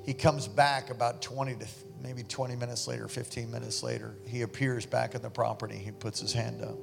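A male pastor tells a story from the pulpit, animated and given to loud outbursts. His voice has a gravelly edge at a middle pitch. It rings out in a large church hall over clear instrumental music. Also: fairly quick. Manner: animated, bursts into loud exclamations. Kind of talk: sermon storytelling during an offering.

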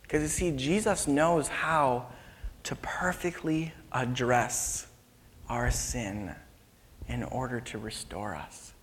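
A man preaching a storytelling sermon in a casual, conversational way, sometimes dropping to hushed tones, recorded in a large hall with a long reverb. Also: mid-range voice, slightly rough.

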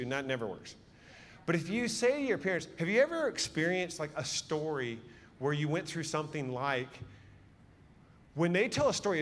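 A man preaching a sermon, telling a story with animated swings between loud and hushed delivery. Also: fairly high pitch, slight background noise. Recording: long hall reverb.

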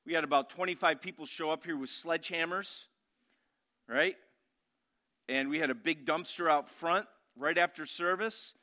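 A man's voice: on the high side, moderate pace. A man preaching a sermon as pastor, emphatic, putting questions to the congregation and answering them himself. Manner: emphatic, rising to loud declarations.

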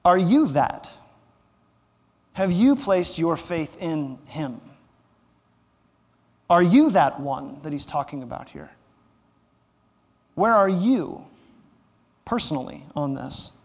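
High-voiced man preaching in an echoing hall. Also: very animated, takes it slowly, gravelly, long pauses. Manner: conversational preaching with rhetorical questions; light humor. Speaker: pastor. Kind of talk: sermon.

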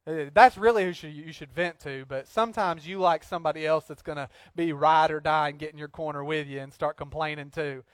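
A man preaching a sermon in an animated, joking way, acting out little scenes between points. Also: a little high, clean tone, no echo. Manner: animated, jokey preaching with acted-out asides. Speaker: pastor.

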